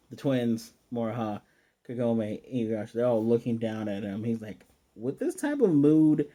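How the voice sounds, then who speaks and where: Excitable man rambling through an anime recap. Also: mid-range voice. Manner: excitable and rambling, often restarts sentences; acts out characters' lines in quick impressions. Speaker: anime episode reviewer. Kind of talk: casual spoken episode recap.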